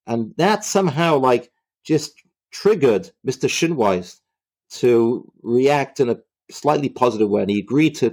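A man retelling a religious story in a halting way, often repeating himself. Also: medium pitch, a little mellow, breathy edge.

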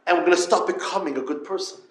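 High-pitched man giving a yeshiva talk. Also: quick pace. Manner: storytelling, addresses listeners directly; Yiddish-inflected yeshivish English. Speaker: yeshiva lecturer. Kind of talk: Torah talk to yeshiva students. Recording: echoey room.

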